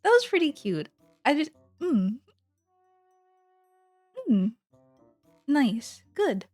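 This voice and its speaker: A woman's voice: high-pitched, big pitch swings, extremely slow, darkish tone, dry recording, faint music behind. A woman streamer in casual, playful chat with her viewers, giggling often.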